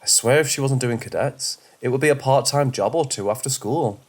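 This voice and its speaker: Man, horror story narrator, mid-pitched voice, steady measured reading. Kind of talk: scripted first-person narration.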